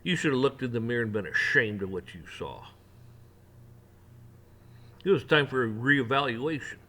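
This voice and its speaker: A man in the middle of a fired-up rant, voice at an ordinary middle pitch. He jabs at authority, slips into sarcastic mimicry of officials, and keeps climbing in force as he goes. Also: lively intonation, normal speed. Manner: heated, mocking, rising to near shouting at peaks. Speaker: rant channel host. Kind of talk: opinion rant to camera.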